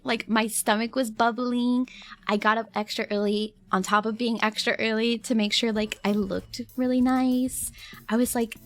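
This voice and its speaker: A young woman streamer telling a story in a casual, animated way, laughing often and breaking into high squeals. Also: moderate pace, faint music behind.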